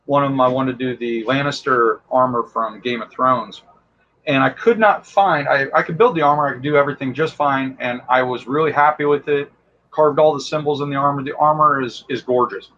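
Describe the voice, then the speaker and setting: A costume and prop maker appears as a guest, giving a casual how-to talk as he demos his crafting tools. Easygoing and enthusiastic, he rambles with lots of fillers in a brisk, fairly bright, medium-pitched voice, and the sound is slightly muffled.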